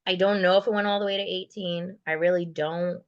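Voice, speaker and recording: A woman's voice: lowish voice, steady tone, brisk, highs cut off. A woman giving a candid personal testimony in a raw, blunt and profane way, with bitter sarcasm. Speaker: guest sharing her survivor story.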